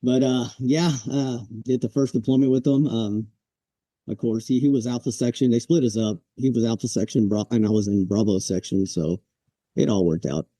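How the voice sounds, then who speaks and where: A man's voice: mid-range voice, steady tone, moderate pace, mellow, dry recording. A man in his forties, a Marine veteran guest, telling his story casually on a podcast, chuckling and acting out the sergeants he quotes. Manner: laid-back, chuckles, acts out quoted drill instructors.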